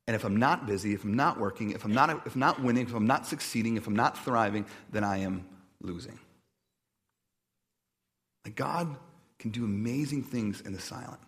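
A man delivering a sermon in a casual, conversational way, with self-deprecating stories and many asides, often dropping quiet and slow on reflective points. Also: on the low side. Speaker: pastor.

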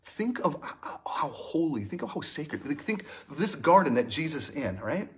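A man preaching a sermon in a conversational style. He often asks "right?" and swings between animated emphasis and soft, hushed passages. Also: a little high, moderate pace. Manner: conversational preaching, frequent "right?" asides and restarts. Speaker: pastor.

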